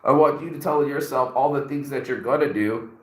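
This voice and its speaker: Man, forties, mid-pitched voice, rambling pep talk, profane, lots of ums, roomy echo. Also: a little fast. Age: 40s. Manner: rambling, profane, many fillers. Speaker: motivational vlogger. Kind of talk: casual motivational monologue.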